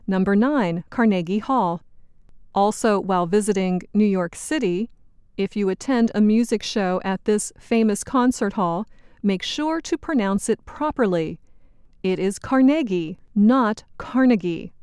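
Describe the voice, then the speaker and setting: A woman narrates a scripted language lesson in a smooth, resonant voice. She speaks in a measured, teacherly way, and the studio sound is dry and close. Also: medium pitch, a little mellow, no echo. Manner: clear, measured, teacherly delivery. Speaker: co-presenter of a language program.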